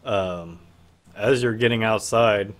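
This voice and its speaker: A man's voice: fairly low pitch, slow pace. A man narrating a tabletop game as game master, in a casual manner with filler words. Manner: casual, stops to fix his screen while talking.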